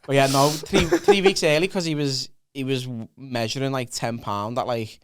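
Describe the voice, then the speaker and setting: A man's voice: mid-range voice, moderate pace, smooth, no room sound, clean studio sound. Blunt, crude northern English guy. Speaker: podcast guest, comedian. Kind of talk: casual comedy podcast chat.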